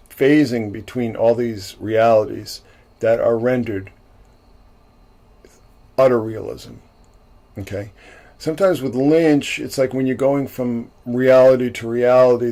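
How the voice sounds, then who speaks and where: Speaking into a livestream mic, a man with a warm, medium-pitched voice hosts a stream and recaps a film. He rambles casually, often restarting sentences and chuckling.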